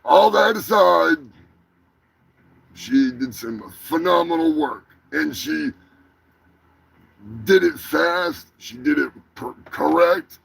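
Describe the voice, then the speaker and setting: A man hosts a live comedy stream in a gravelly voice that sits a little high. He rambles and swears freely, loud and crude. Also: takes it slowly, long pauses, slight background noise, poor audio. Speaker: host. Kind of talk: crude comedic livestream chat.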